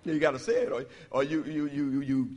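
In a church sanctuary where his words trail off in long reverb, a preacher with a high voice shifts between booming proclamations and hushed, intimate asides, using emphatic call-and-response. His sermon is expressive and brisk, and the high frequencies are cut off.

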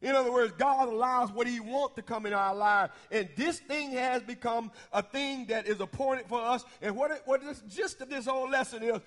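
A man preaching a sermon in a church, using call-and-response and swelling into half-sung shouts. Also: very high voice, normal speed, hardly any pauses. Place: church sanctuary. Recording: long church hall reverb.

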